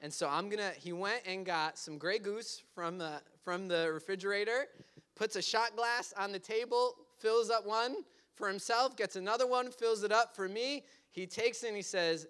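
Young man, high clean voice, animated casual storyteller, laughs often. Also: normal speed, clear, resonant tone. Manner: animated, breaks into laughter, lots of fillers.

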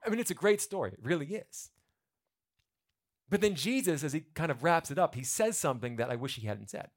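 A man's voice: on the high side, lively intonation, brisk. A male pastor giving a conversational sermon, retelling a story with humorous asides to the congregation.

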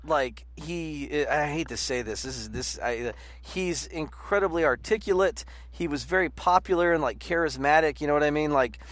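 Rambling high-voiced man in casual talk. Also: moderate pace, hardly any pauses. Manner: rambling, animated, heavy use of "like". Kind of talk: casual political chat.

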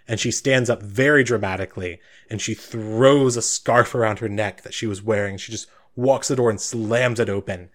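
Male game master, low-pitched, easygoing tabletop narration. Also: normal speed, hardly any pauses, a bit bright.

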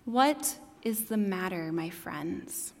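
A humble little female engine from a storybook, soft and kind, unsure of herself, as a woman puts her on. Her quiet voice carries a long hall reverb. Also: on the low side, expressive, slow, voice pushed down. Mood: gentle. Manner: gentle, modest.

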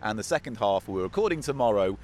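A man's voice: fairly low pitch, lively intonation, darkish tone, a little hiss or hum. Dry, teasing man hosting outdoors. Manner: dry, teasing, quick asides. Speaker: podcast host. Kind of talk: casual comedic chat.

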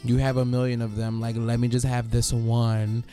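A man voicing a brash male underworld god who talks in crude street slang, a bit lower than his own voice. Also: completely flat delivery, normal speed, dark tone, soft background music, natural voice. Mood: scheming.

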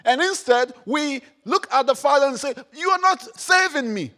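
A man preaching a sermon, repeating phrases, firing questions at the congregation and rising to shouts. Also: very high voice, animated, normal speed. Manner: call-and-response, repeats phrases, rises to shouts; rhetorical questions to the audience.

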